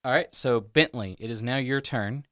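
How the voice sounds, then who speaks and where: A man narrating as game master in a tabletop game, chatty and relaxed. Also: mid-range voice, normal speed, no room sound, studio quality.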